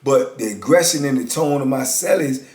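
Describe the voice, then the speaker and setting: A man's voice: medium pitch, moderate pace, darkish tone, echoey room. A man in his fifties casually telling a story in a laid-back, slangy way, peppered with "you know.".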